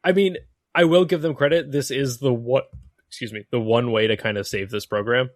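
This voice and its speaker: A man's voice: medium pitch, steady tone, brisk, dry recording, studio quality. A man co-hosting a casual wrestling podcast, opinionated and mocking, sometimes mimicking wrestlers mid-rant. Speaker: podcast co-host.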